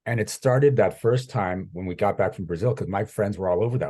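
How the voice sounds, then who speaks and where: A man with a somewhat low, husky voice speaks in a conversational interview. He is an animated storyteller who slips into the voices of the people he quotes, talking as a coach. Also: a little fast, few pauses. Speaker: guest coach.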